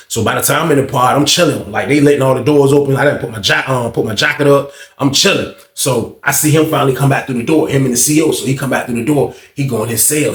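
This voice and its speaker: A man telling a casual storytime in a lively, slangy way, acting out the voices of the people in it. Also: mid-range voice, roomy sound. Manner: animated, slangy retelling that acts out the voices of others.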